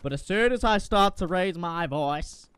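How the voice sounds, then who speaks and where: A man giving casual, profane, excitable commentary while playing a shooter game. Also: high voice, unhurried, clear, resonant tone. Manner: profane, excitable, self-mocking. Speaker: gaming video creator.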